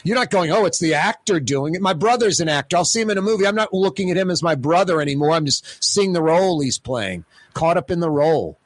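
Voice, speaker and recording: A man talking on his radio show from a studio with a close microphone. His voice sits a bit high for a man, and the sound is dry with almost no room. He chats loosely and repeats himself in stammered restarts. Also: animated, fast, few pauses, no room sound. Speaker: radio talk show host. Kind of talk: casual radio talk with giveaways.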